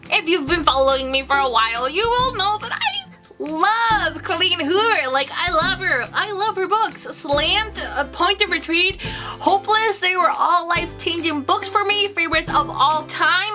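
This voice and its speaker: A woman giving a casual video book review, animated and expressive and swearing freely. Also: high voice.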